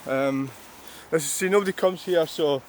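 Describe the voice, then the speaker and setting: A man's voice: a little high, normal speed, a little hiss or hum. A Scottish man in his sixties, a vlogger, rambling through a reflective monologue with wry, self-mocking asides. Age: 60s.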